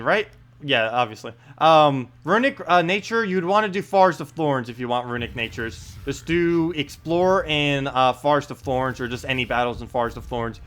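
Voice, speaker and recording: A man casually commenting on his gameplay during a live stream and answering viewer questions. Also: a little high. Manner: relaxed, thinks aloud, lots of uh and um. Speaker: game streamer.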